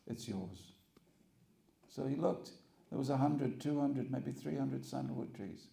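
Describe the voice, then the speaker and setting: A man's voice: mid-range voice, measured pace, creaky, roomy sound. A man preaching to a congregation, telling stories and acting out the characters. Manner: animated storyteller acting out characters. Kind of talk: storytelling sermon. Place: temple hall with audience.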